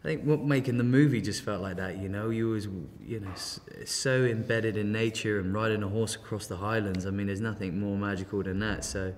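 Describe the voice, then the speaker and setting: A man's voice: lowish voice, fairly even intonation, a little fast, hardly any pauses, long reverb tail, a little hiss or hum. A male actor being interviewed, easygoing and rambling with many fillers. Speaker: actor guest. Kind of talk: casual interview chat.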